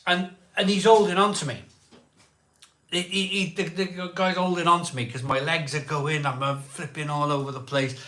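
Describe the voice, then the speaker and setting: A man's voice: fairly high pitch, level tone, moderate pace, sharp tone. A man hosting a live beer stream, telling a rambling story in a chatty way, repeating himself and acting out what people said.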